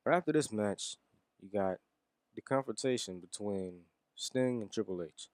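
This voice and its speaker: A man with a somewhat low voice talks loosely through a wrestling review. He rambles, swears, and chuckles now and then. The recording is close and dry, with no room sound. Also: lively intonation, moderate pace, no room sound. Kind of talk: casual solo review.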